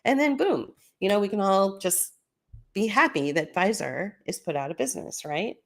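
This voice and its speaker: A woman's voice: medium pitch, expressive, moderate pace, creaky, fairly bright tone. A woman hosting a solo commentary podcast, talking casually as she walks listeners through documents on screen. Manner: conversational, explaining documents on screen. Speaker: podcast host.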